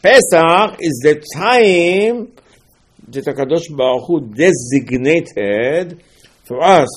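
A man giving a Torah sermon as a rabbi. He asks rhetorical questions and swings between hushed and loud. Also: a little high, lively intonation, slow.

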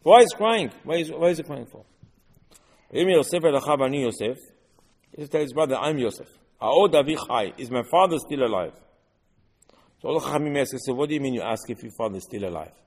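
Animated man teaching Torah, echoing hall. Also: medium pitch, a little fast, breathy edge. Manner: animated, rhetorical questions, quotes verses in Hebrew. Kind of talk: Torah class in English.

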